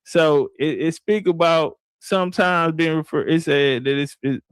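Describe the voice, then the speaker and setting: A man co-hosting a livestream, talking loosely and rambling, sometimes reading aloud haltingly. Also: fairly high pitch, clean tone, no echo, clean studio sound. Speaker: livestream co-host. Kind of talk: casual livestream chat.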